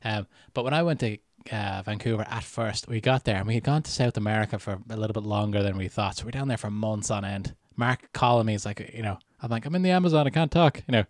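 Young Irish man telling lively stories. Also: lowish voice, fast talker, few pauses, no echo, clean studio sound. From Ireland. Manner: animated storytelling, puts on voices in anecdotes, laughs often. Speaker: podcast co-host. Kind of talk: casual chat.

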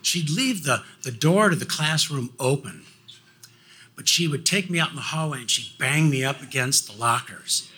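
Older man, personal storytelling, halting, repeats words, bright, husky. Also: mid-range voice, animated. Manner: halting, repeats words, acts out quoted voices. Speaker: guest speaker.

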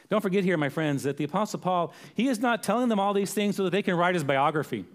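Earnest preacher, fairly high voice. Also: male voice, lively intonation, quick pace, hardly any pauses. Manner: earnest, repeats phrases for emphasis. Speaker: pastor. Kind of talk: sermon.

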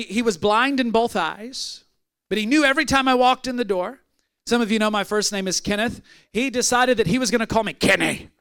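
High-voiced pastor preaching with emphasis. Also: male voice, fairly bright tone, no room sound. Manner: emphatic, builds through repeated phrases. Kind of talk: sermon.

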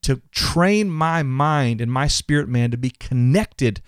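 A man's voice: mid-range voice, lively intonation, slow pace, clean tone, no room sound, studio quality. A man hosting a motivational faith podcast, earnest and emphatic, often repeating his words. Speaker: podcast host.

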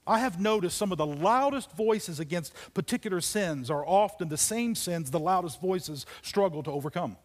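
A man preaching a sermon, telling a story with dramatic pauses and dropping to near whispers for emphasis. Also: high voice, long reverb tail. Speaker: pastor. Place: church auditorium.

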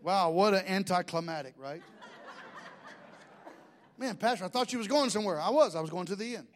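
A man's voice: sits high, lively intonation, brisk. A middle-aged man, preaching a sermon in a folksy, joking storytelling way. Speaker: pastor.

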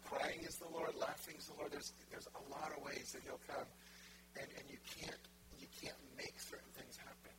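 A man's voice: fairly high pitch, flat delivery, normal speed. A pastor preaching a conversational sermon, acting out little quoted exchanges as he goes. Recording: loud background noise.

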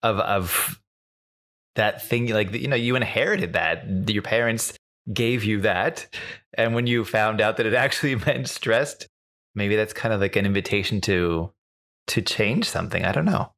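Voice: mid-range voice, measured pace, fairly bright tone. An interviewer asking reflective questions and encouraging the guest, laughing along.

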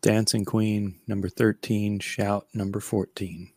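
A man on a casual group podcast, telling stories in an animated way. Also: fairly low pitch, a little slow, breathy edge, dry recording.

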